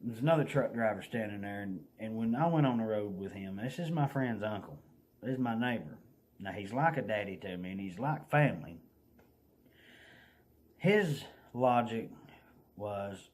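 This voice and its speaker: His voice is lowish and his pace moderate as this Southern US man recounts a lively, folksy yarn in a casual vlog, laughing throughout.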